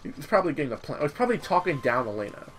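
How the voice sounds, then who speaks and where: A man's voice: on the high side, big pitch swings, very fast, a bit bright. Rambling young man narrating his gameplay. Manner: rambling, restarts a lot, swears casually. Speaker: gaming channel host. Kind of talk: let's-play commentary.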